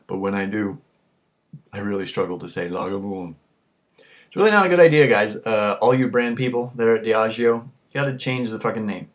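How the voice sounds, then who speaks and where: A tipsy man talking to camera in a rambling, crude rant full of swearing. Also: medium pitch. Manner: crude, ranting, swears constantly. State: tipsy from drinking. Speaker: vlogger. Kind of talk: rambling profane monologue to camera.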